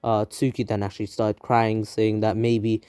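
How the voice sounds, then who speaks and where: A man's voice: on the low side, flat delivery, moderate pace, dark tone, clean tone, no room sound, studio quality. A man casually narrating a fan story, rambling with many fillers and restarts.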